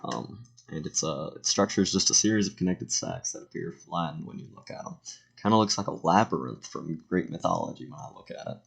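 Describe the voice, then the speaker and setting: A teenage boy with a low, gravelly voice narrates a school slideshow into a home computer mic. He stumbles over words, corrects himself, and slips in joking asides. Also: lively intonation, a little fast. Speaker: student presenter.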